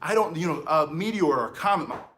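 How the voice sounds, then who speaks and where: A man's voice: a little high, lively intonation, fast, fairly bright tone. A man who teaches martial arts, giving an emphatic, preachy talk to camera and acting out the voices of the people he quotes. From United States.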